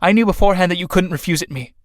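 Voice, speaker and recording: Earnest young woman pleading soft and slow, guy reading her in a play reading, kinda high voice, dry sound. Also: dry recording, natural voice.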